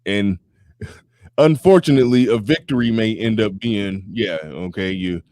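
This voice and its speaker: A man as a podcast guest in casual chat, animated, laughing often and repeating words as he restarts. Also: lowish voice, unhurried, dry recording, clean studio sound.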